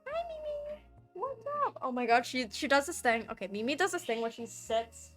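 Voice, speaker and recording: Drawing on stream with soft music behind her, a young woman chats casually, giggles, and occasionally baby-talks to her cat. She has a fairly high, animated voice and a brisk pace.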